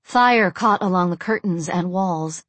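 A woman reading a novel aloud in steady, measured narration. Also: fairly low pitch, slightly rough, dry recording. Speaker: audiobook narrator. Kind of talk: scripted narration.

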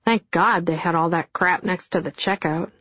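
A man's voice: sits high, fairly even intonation, moderate pace, sharp tone, breathy edge, dry recording, heavily acted. A woman voicing an eager, scruffy male lab colleague who mumbles offhand, wry remarks. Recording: dull, dry studio sound.

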